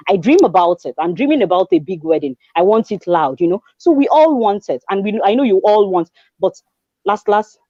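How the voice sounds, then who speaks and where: Twenties, Nigerian accent, mellow tone, expressive storyteller who slips into pidgin, dry close recording. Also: female voice, medium pitch, dry recording, highs cut off. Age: 20s. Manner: animated storyteller, acts out dialogue, mixes in pidgin. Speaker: guest. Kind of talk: conversational testimony.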